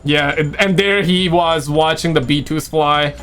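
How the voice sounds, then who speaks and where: A man's voice: fairly high pitch, unhurried, a bit bright, faint music behind. A man giving casual reaction commentary to a video, with joking, offhand asides. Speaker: reaction streamer.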